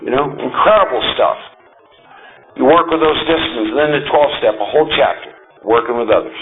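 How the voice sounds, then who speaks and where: A man giving a talk to a recovery group, emphatic and animated, often checking in with the audience. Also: mid-range voice, fairly quick, narrow, tinny audio, music in the background. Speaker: recovery meeting speaker.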